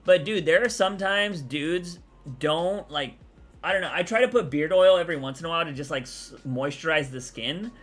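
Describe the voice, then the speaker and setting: A man's voice: a little high, animated, normal speed, a bit bright. A man from Texas, rambling casually as he answers chat on his live stream. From Texas, USA.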